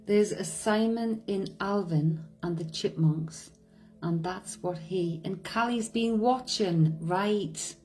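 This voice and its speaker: A woman hosting a live stream as a medium, chatting loosely and answering her viewers' comments as they come in. Her voice is warm and relaxed, sitting at an ordinary pitch for a woman, with faint music playing under her. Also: takes it slowly, poor audio. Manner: chatty, reads viewer comments aloud and answers them, laughs often. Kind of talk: casual chat on a live stream.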